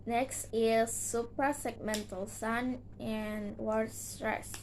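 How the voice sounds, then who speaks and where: A woman's voice: a little high, steady tone, very noisy. A young woman, a native Indonesian speaker, reads a class presentation with many fillers and restarts. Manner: slow, halting delivery with frequent "uh" fillers and restarts. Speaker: student presenter.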